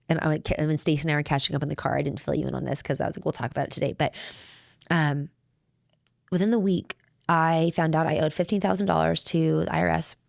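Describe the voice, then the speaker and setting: A middle-aged woman co-hosts a faith-based conversational podcast, speaking earnestly and from the heart while rambling and restarting. Her voice is deep, gravelly, and darkish, recorded dry at studio quality.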